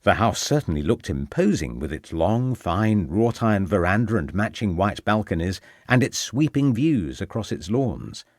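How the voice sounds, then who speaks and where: A man narrating a detective novel audiobook in a measured, expressive way. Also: on the low side, dry recording, studio quality. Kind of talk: scripted narration.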